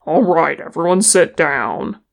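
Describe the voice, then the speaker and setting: A woman puts on a gruff old dwarf grandfather who growls his orders loudly, with a rough, gravelly edge. He speaks slowly in this storybook reading. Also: deep voice, steady tone. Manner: growling, loud.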